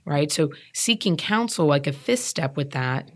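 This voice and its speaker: Woman in her thirties, low voice, earnest and emphatic, candid personal storytelling, interview guest. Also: animated, unhurried. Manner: earnest, emphatic, repeats herself when stressing a point. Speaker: guest sharing recovery story.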